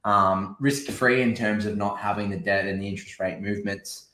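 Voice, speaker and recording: An Australian man with a very low voice co-hosts a casual podcast and works through his points steadily. His voice carries a roomy echo. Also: steady tone, normal speed, pushed and bright. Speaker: podcast co-host.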